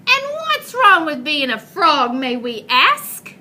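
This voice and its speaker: A woman's voice: high voice, very animated, takes it slowly, bright, forceful tone, pitched above the performer's own voice, exaggerated voice. A woman voicing a chorus of frogs in a storybook, exclaiming in an indignant way. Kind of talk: storybook read-aloud.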